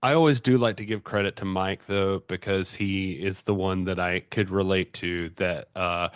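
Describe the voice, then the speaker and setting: A man co-hosting a podcast, casually telling a rambling personal anecdote in an animated way. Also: sits low, normal speed, smooth, no room sound, studio quality. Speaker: podcast co-host.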